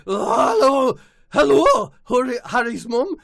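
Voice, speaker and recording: A high, squeaky young footballer blurts everything out at full volume, as a man puts him on. The voice is bright and thin, and it is recorded dry and close. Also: sing-song, measured pace, gravelly, dry recording, full character voice. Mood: excited. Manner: shouty and squeaky. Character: excitable high-pitched young footballer, loud.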